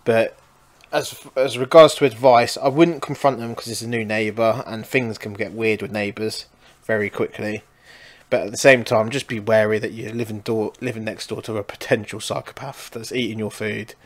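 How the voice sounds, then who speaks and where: A man's voice: on the low side, steady tone, normal speed. A man co-hosting a casual advice podcast, sweary and rambling with lots of fillers. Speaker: podcast co-host.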